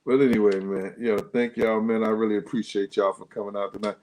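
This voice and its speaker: His pitch barely moves as he talks a little fast, in a slightly mellow voice, to the viewers of his casual livestream, loose and full of slang. The audio is poor, and his voice leaps up sharply when he gets worked up.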